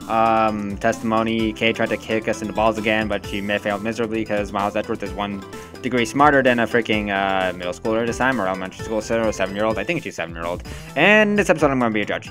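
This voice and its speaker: A man giving excitable, loud gaming commentary on a story game, laughing and cursing as he plays. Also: fairly low pitch, fast talker, faint music behind. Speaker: let's play host.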